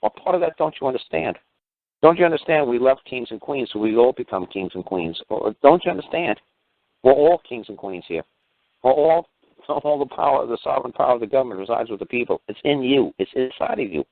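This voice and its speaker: A man's voice: mid-range voice, lively intonation, brisk, gravelly, no echo. A man on a call-in show, launching into a heated, profane rant full of rhetorical questions. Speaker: guest speaker on a call-in show. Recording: dry tinny phone line.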